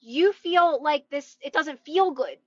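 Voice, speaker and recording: A high-pitched woman talks viewers through her ideas in a friendly, encouraging way, often checking in with them. She streams live on a phone from her parked car. The sound is close and dry, and a little dull. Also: expressive, slow pace, a bit bright, no room sound. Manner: encouraging, chatty, often asks "right?". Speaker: manifestation coach streaming live. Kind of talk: casual live-stream motivational chat.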